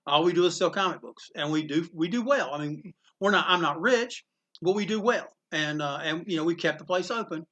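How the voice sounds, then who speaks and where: A middle-aged man from North Carolina spins comic-convention anecdotes in a casual interview. His voice sits high and bright. He slips into the people he quotes as he talks. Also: a little fast. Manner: animated anecdotes with acted-out quotes. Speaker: comic shop owner. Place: inside his comic shop.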